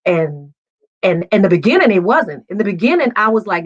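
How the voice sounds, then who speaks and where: A woman's voice: mid-range voice, very animated, a little fast. A woman in her forties telling her personal testimony as a podcast guest, candid and emotional, laughing at times. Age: 40s. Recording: dull lo-fi sound.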